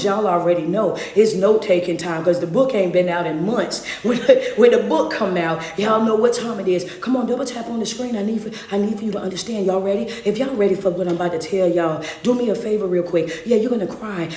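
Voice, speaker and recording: A woman's voice: medium pitch, warm tone. A woman giving a live-streamed motivational talk, preaching in a call-and-response way and speaking straight to her viewers. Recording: echoey room.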